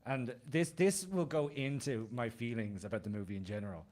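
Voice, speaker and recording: A man's voice: mid-range voice, fairly quick, darkish tone. Podcast guy annoyed about a movie, kinda exasperated, casual chat. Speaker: podcast co-host. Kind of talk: casual film discussion.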